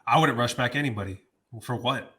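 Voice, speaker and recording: Exasperated guy on a sports podcast, bright voice, fired up. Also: medium pitch, brisk, husky. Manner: exasperated, ranting. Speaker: podcast co-host. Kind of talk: casual sports chat.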